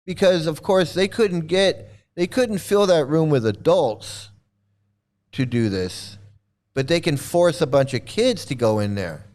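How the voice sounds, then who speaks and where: A man's voice: on the high side, expressive, unhurried, a little mellow. A man giving casual video commentary, sarcastic and rambling with many restarts.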